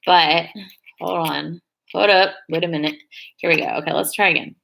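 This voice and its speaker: A young beauty vlogger chats casually on a live stream while doing her nails, rambling and hedging a lot. Her voice is on the low side, gravelly, and a bit bright, with a steady tone at normal speed and slight background noise.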